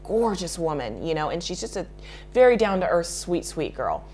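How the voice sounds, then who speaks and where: A woman's voice: fairly low pitch, sing-song, normal speed, a little mellow, soft background music. A woman makeup artist answering interview questions in a chatty way, laughing often and restarting her sentences.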